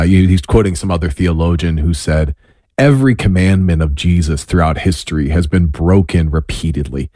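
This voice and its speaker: Male interviewer, very low warm voice, thoughtful follow-ups. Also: no room sound, studio quality. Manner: thoughtful, affirming, asks follow-up questions. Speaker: host. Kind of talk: casual interview.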